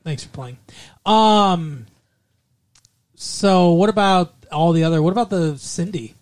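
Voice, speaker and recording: A man co-hosting a casual movie review podcast, rambling and joking, slipping into quick impressions. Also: sits high. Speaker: podcast co-host.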